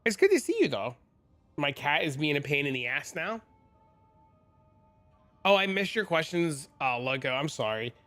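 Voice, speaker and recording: High, bright-voiced male streamer. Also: moderate pace, long pauses, faint music behind. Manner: profane, animated and bantering. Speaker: game streamer. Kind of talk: casual live-stream chat.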